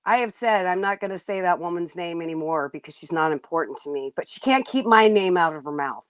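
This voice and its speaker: A woman's voice: on the low side, brisk, dry recording. A woman hosting a livestream, venting bluntly and indignantly to her chat, cursing now and then. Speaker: livestream host.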